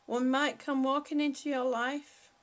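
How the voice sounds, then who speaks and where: The host, a woman with a high voice, keeps a steady tone and a measured pace. Her home live chat is loose and rambling, punctuated by frequent laughter and remarks to her pets.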